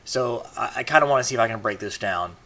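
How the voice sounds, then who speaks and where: Bright-voiced rambling male vlogger. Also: medium pitch, fast talker. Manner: rambling, many "you know" fillers and restarts. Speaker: commentary vlogger. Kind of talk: casual rambling commentary.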